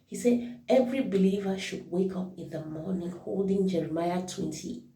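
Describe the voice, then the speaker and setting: A woman's voice: lowish voice, normal speed, vocal fry, mellow. A woman giving an informal devotional talk as a worship leader, reflective and thinking aloud as she corrects herself. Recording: roomy echo, mic at a distance.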